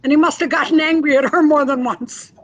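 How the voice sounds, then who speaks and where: A woman's voice: high-pitched, fairly even intonation, brisk, background noise. An older woman being interviewed, telling a family story in a vivid, emphatic way. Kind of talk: personal storytelling.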